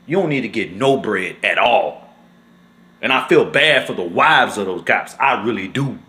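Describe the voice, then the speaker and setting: A man's voice: fairly low pitch, expressive, normal speed, pushed and bright, reverberant. A man talking in an emotional vlog, impassioned and repeating himself as he speaks. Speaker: vlogger.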